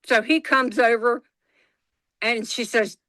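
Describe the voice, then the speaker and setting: Woman, casual storytelling, bright voice, dry close sound, acts out voices. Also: fairly high pitch, slow pace, no echo. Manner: animated, acts out quoted voices, swears freely. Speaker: guest storyteller.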